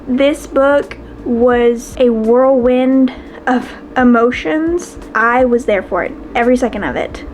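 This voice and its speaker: A woman's voice: a little high, slow pace, darkish tone, soft background music, poor audio. A woman chatting expressively to her viewers in a casual reading vlog. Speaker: book vlogger.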